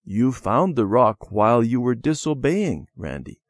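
A man voicing a patient mother who calmly teaches her children. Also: mid-range voice, unhurried, no room sound. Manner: calm, instructive storytelling.

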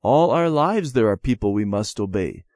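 A man voicing a patient mother who calmly teaches her children. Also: on the low side, normal speed, no echo, clean studio sound, lightly acted. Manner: calm, instructive storytelling.

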